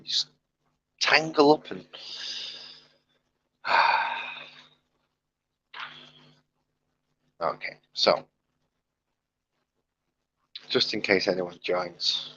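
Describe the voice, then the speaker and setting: A man's voice: low-pitched, takes it slowly, long pauses, sharp tone, lo-fi sound, a little hiss or hum. A man chatting casually on a live stream while he sets up his hobby gear, muttering to himself as he fiddles with things, on a wired headset. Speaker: streamer painting miniatures.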